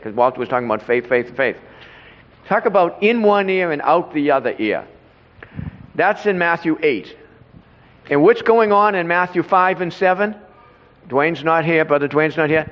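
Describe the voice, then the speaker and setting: A man shares a rambling story at an informal Bible study, often restarting and repeating himself. His voice sits fairly high. The recording carries a long hall echo and sounds dull and lo-fi. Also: lively intonation, moderate pace. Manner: rambling, repeats himself, trips over words.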